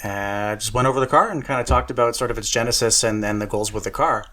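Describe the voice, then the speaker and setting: A man's voice: mid-range voice, fast, bright, forceful tone. A man co-hosting a car podcast, chatting casually with lots of fillers and a self-deprecating humor. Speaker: podcast co-host.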